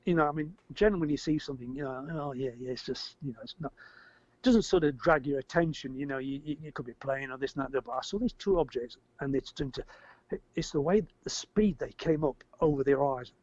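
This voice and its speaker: An older man tells a story as an interview guest, rambling, repeating words and getting animated when he acts out shouting. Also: on the high side, fast, no echo. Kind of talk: casual storytelling. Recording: dry, slightly muffled audio.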